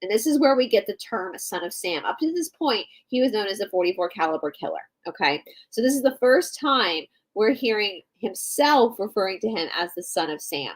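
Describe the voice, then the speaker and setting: A woman's voice: medium pitch, lively intonation, moderate pace, hardly any pauses, rough recording. A woman from Atlanta, co-hosting a live online show, explaining things in a chatty way and talking straight to her listeners. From Atlanta, Georgia. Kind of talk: casual chat, explaining and reading aloud.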